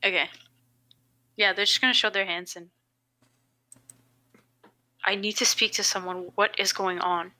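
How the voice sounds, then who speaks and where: A woman's voice: mid-range voice, level tone, a little slow, long pauses, bright, forceful tone, slight background noise. A woman playing in a tabletop game session, reacting eagerly and speaking in character. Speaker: player. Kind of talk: tabletop role-play chat.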